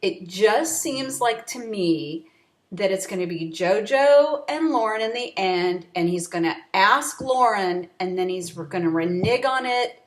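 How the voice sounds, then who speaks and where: A woman co-hosting a casual TV recap chat, animated and swearing freely. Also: unhurried, echoey room. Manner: animated, swears, breaks into high excited quoting. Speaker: recap show co-host. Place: at home, dog nearby.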